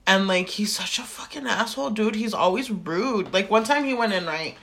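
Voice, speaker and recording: A young woman in a casual podcast chat, with a voice of middling pitch. She rambles through her stories, swears easily and drops into low, muttered asides. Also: lively intonation, normal speed, a bit bright. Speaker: podcast co-host; store clerk.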